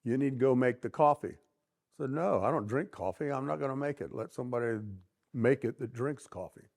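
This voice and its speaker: A man, a Navy veteran, telling a story in a steady, matter-of-fact way in an interview. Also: medium pitch, brisk, vocal fry.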